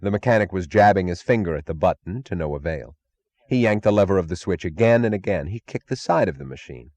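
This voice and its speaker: A man narrates an audiobook in a deep, low voice. His reading is measured but dramatic, rising and falling across a wide range of pitch. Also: animated, a little mellow. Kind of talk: scripted narration.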